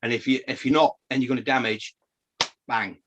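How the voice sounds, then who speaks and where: A man's voice: mid-range voice, fairly quick, dull audio, background noise. A man chatting on a podcast, telling a rambling story with frequent swearing and many restarts. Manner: animated storytelling. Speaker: podcast co-host. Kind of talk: casual chat.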